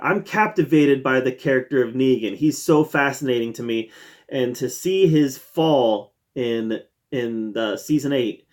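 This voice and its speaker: A man with a medium-pitched, slightly mellow voice hosts his own review channel, ranking TV seasons. He sounds eager and casual, with frequent fillers and restarts.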